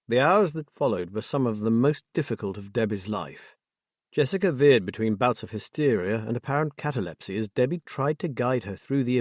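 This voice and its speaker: A man narrating an audiobook thriller in a measured, expressive way, close to the mic. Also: mid-range voice, no room sound.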